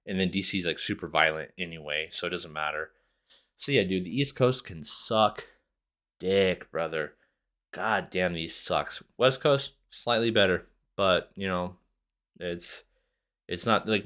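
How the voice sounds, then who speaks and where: Profane ranting young man, low voice. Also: unhurried, fairly bright tone. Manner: profane, rambling, sarcastic. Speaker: podcast host. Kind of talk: casual rant.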